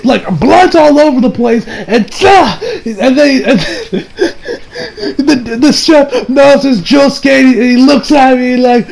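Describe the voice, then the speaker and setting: A man recapping an anime episode in casual chat, excitable and swearing freely, breaking into laughter again and again. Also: extremely high pitch, takes it slowly, creaky, poor audio. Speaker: anime reviewer.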